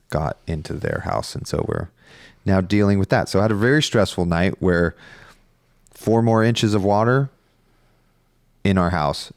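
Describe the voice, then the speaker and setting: A man's voice: deep voice, gravelly, darkish tone, no room sound, clean studio sound. A young man, co-host of a podcast, chatting casually and telling a rambling story with frequent laughs. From Northern California. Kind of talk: casual chat.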